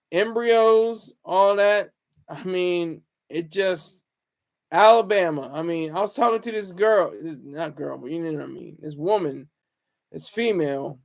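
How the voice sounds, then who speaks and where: High-voiced rambling man. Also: measured pace, gravelly. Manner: rambling with frequent restarts and chuckles. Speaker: vlogger. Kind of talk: casual rambling monologue.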